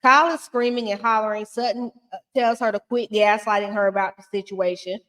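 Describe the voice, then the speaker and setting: A woman's voice: medium pitch, fairly even intonation, a little fast, fairly bright tone, big-room sound. A woman giving a casual, blunt and profane recap of a reality show, talking with plenty of sass.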